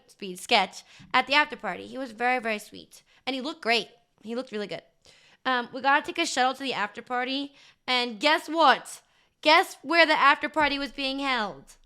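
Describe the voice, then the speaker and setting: A woman's voice: sits high, sharp tone, clear, resonant tone. A young woman streamer chatting casually to her live chat, bubbly and gushing, with lots of fillers.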